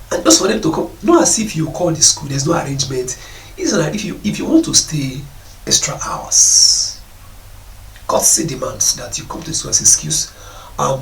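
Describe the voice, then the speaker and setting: Scolding man with a lively, echoing voice. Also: a little high. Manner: scolding, mocks parents in put-on voices. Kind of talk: preaching talk on parenting. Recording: echoey room, voice from a distance.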